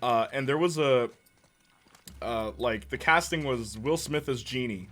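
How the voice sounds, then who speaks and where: A man's voice: medium pitch, unhurried, a bit bright. A young man riffing and laughing as a gaming streamer in casual live-stream talk. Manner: jokey, riffing, laughing often.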